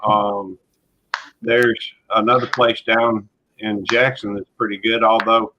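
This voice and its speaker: A man's voice: on the low side, level tone, takes it slowly, lo-fi sound, noisy background. A man with a Southern accent from Mississippi, talking casually as a guest in a group chat in an easygoing, folksy way.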